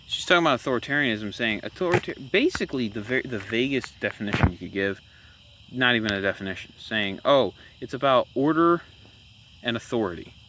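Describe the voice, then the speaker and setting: In this vlog, a man strolls outdoors in a rural spot at dusk, handheld camera rolling, and riffs casually and sarcastically on politics with many fillers and restarts. His voice is fairly low, and the background is noisy.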